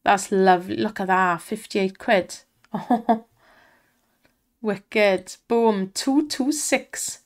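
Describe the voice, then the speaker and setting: An excitable woman commenting on slot spins and cheering the reels on, her voice strained from shouting. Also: medium pitch, slow pace. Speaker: slot streamer.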